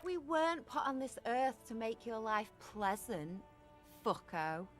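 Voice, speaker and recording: A woman's voice: a little high, big pitch swings, a little slow, dry recording, soft background music. A woman voicing a brash, defiant young female street punk who swears and sneers, in a video game. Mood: sneering. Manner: foul-mouthed, defiant sneering.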